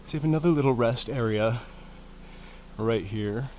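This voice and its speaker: A man's voice: mid-range voice, normal speed, darkish tone, a little hiss or hum. Man chatting breathlessly on an uphill walk. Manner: chatty, slightly out of breath from climbing. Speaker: vlogger. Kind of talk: casual walking commentary. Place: outdoors on hillside streets and stairs.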